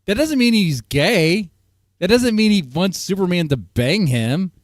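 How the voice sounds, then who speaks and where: A man's voice: sits high, lively intonation, a little slow, no echo. Stream host guy joking around with chat, voice bouncing up and down, dry mic. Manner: laughing, joking, playful asides. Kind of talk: casual chat with stream audience.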